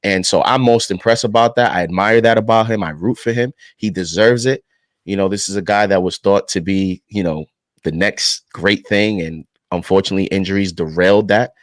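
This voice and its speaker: A man with a lowish voice talks through his views in a relaxed, measured way, with plenty of "you know" in between. His voice is close and dry, with no room sound. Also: no echo. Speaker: podcast panelist. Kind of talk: casual sports discussion.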